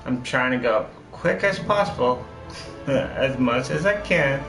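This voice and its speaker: Guy streaming a game, slow rambly talk, echoey room with a bit of noise. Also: mid-range voice, animated, over music. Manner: rambling, repeats words for emphasis. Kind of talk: casual gameplay commentary.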